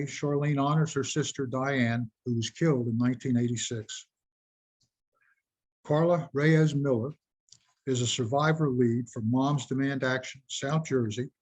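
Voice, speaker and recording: A man with a husky, slightly rough voice opens a video-call presentation. He reads a prepared introduction in a formal, measured and earnest tone. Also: mid-range voice, darkish tone, low-quality recording. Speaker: host introducing speakers.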